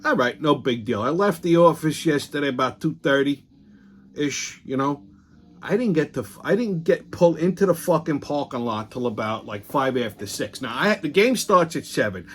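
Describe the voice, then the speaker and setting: Middle-aged new guy ranting, swears every other word, kinda high voice. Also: lively intonation, normal speed, slightly rough, soft background music. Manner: crude, rambling, swears constantly, acts out quotes. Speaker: host. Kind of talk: profane storytelling rant.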